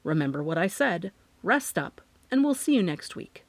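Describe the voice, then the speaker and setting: A woman reading an audiobook, voicing a calm, reassuring male doctor. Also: lowish voice, normal speed, dry recording.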